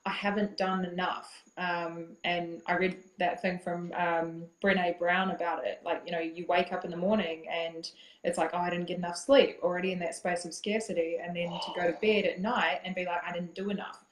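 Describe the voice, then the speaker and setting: A woman hosting an interview over a video call, enthusiastic and quick to laugh. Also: fairly low pitch, fairly even intonation, roomy sound, slight background noise, low-quality recording. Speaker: interview host. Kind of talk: casual interview chat.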